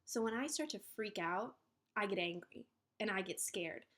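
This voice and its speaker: A woman's voice: medium pitch, normal speed, a bit bright. A young woman in her twenties speaks straight to her viewers in a casual vlog. She is earnest and encouraging, and her talk is full of fillers and restarts. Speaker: vlogger giving relationship advice.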